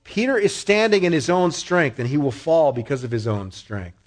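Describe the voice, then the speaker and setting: A man with a somewhat high voice delivers a sermon like a conversation with his congregation. He asks them questions and gets lively when he retells a story. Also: moderate pace. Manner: conversational preaching with rhetorical questions. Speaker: pastor.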